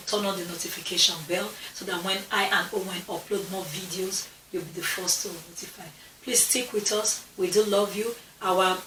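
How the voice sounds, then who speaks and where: A woman's voice: medium pitch, a bit bright, distant mic, a little hiss or hum. A young adult woman chatting casually to camera for her channel, repeating herself and restarting phrases as she goes. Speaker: vlogger talking to her channel. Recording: roomy echo, a bit off-mic.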